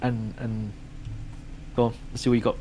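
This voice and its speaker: A man's voice: mid-range voice, level tone, moderate pace, warm tone, a little hiss or hum, low-quality recording. Teasing British man gaming with a mate. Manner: teasing, banter-heavy. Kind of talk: casual gaming chat.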